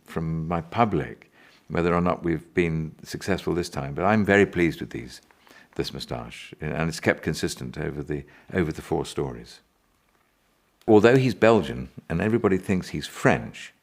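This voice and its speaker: A man, an actor, explaining his character in a behind-the-scenes interview, in a deliberate, demonstrative way. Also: deep voice.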